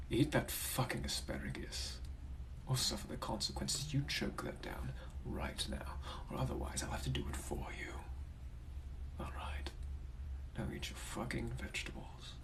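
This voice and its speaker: A man voicing a genteel, menacing British gentleman from the 1800s, in a whispered role-play with a silky, possessive, threatening manner. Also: medium pitch, measured pace, noisy background, close to an everyday voice. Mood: whispered menace.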